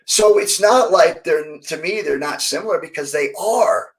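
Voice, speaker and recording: A man's voice: on the high side, moderate pace, poor audio. A middle-aged man, a former fighter, telling stories in a casual interview and acting out the quoted lines of the people in them. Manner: animated storyteller acting out quoted dialogue, many restarts.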